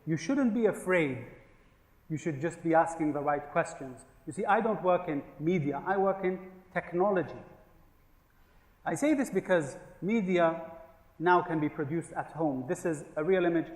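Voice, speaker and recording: A man's darkish-toned voice, on the high side, moves at a moderate pace through a humorous business keynote. He shares stories, jokes and rhetorical questions with the audience in a large conference hall whose echo lingers with long reverb.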